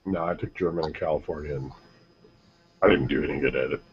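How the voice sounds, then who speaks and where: A man co-hosting a casual podcast in a low-key, mumbling way, who also reads out the news. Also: fast talker, gravelly, husky. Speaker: podcast co-host reading news. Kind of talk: casual chat and news reading. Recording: dull lo-fi podcast audio.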